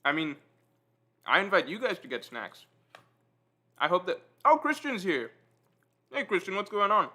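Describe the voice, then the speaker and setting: A man with a voice that sits high talks at normal speed, pausing often, while he eats on a livestream. He chats casually and self-deprecatingly with viewers, relaxed as he reads their comments out loud.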